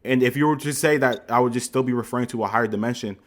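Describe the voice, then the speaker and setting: A man's voice: mid-range voice, rapid-fire. A man in a debate laying out dense, jargon-heavy arguments in a lecturing way. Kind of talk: heated online debate.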